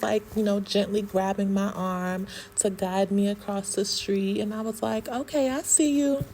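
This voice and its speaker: Woman travel vlogger, chatty and slangy, mid-pitched, light background hiss. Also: darkish tone. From United States. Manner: chatty, laughs often, uses slang. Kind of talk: casual travel vlog.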